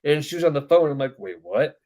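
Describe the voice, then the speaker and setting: A man's voice: a little high, expressive, a little fast, warm tone. Chatty rambling male podcast host. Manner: rambling, many "uh" fillers, acts out quoted voices. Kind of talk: casual storytelling chat.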